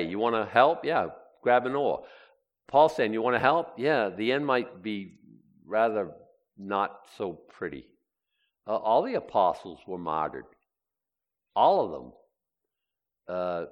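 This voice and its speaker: A man's voice: fairly low pitch, lo-fi sound. A man preaching a sermon, reading scripture aloud with sarcastic asides. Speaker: pastor.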